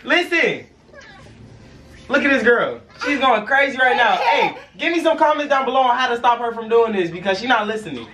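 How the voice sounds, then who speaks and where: A man's voice: extremely high pitch, animated, fast, few pauses, fairly bright tone. A man filming a casual home vlog as a young father, playfully laughing and scolding his toddler in a bedroom.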